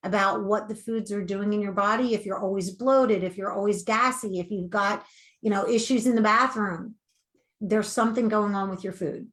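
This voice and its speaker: A woman coach giving earnest, animated advice in a conversational interview. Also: medium pitch. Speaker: weight-loss coach.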